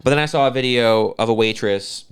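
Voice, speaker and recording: A man's voice: medium pitch, brisk, smooth. A man with a Northeastern US accent, co-hosting a podcast and telling stories in a profane, ranting way. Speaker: podcast co-host. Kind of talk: casual chat.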